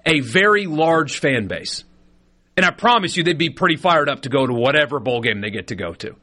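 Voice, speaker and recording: A man's voice: on the high side, expressive, fairly quick, bright, forceful tone. A man with a Southern American accent co-hosting sports talk radio, arguing emphatically with rhetorical questions.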